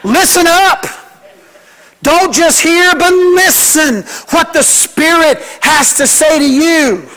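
An older man, a pastor preaching a fervent sermon to his church, moving between loud, emphatic lines and hushed ones. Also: extremely high pitch, slow pace, a faint crowd, poor audio.

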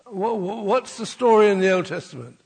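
A man's voice: high-pitched, fairly quick, creaky, a little mellow, breathy edge, long reverb tail. An older man preaching an Easter sermon, rousing and leading the congregation in call-and-response.

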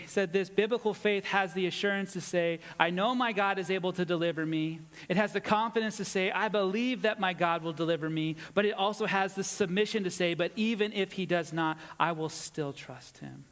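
A pastor preaching a sermon with earnest emphasis, dropping low and soft on his key points. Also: fairly even intonation, fairly quick, hardly any pauses. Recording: long reverb of a church hall.

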